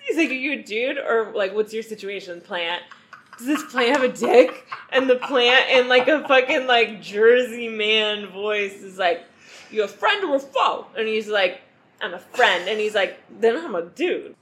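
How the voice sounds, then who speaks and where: A woman's voice: on the high side, unhurried. A woman recapping a movie's plot in casual comedic chat, laughing often and acting out the characters' lines. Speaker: podcast co-host.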